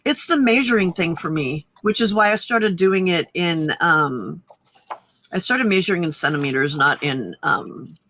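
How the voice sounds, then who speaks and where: A woman chatting casually on a livestream, giggling often and filling pauses with ums. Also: lowish voice, expressive, fairly bright tone, a little hiss or hum. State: slightly husky morning voice. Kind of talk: casual chat.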